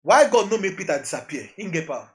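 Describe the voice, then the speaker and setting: His voice sits high with big pitch swings and a fast pace as this music producer, a podcast guest, talks about his journey. He has a Nigerian accent, mixes in Pidgin, and is earnest and reflective in casual chat, repeating phrases as he thinks.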